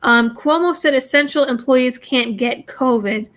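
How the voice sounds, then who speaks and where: A woman with a slightly high voice chats loosely on a livestream. She is blunt and rambling, drifting from one thing to the next as she reads viewer messages aloud. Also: unhurried, a bit bright. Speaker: livestream host reading viewer super chats. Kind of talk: casual livestream chat.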